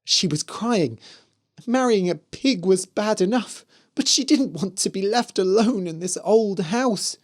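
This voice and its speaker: A storyteller reading a fairy tale aloud slowly for English learners. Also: mid-range voice. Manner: slow, clear, expressive. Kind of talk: scripted narration for English learners.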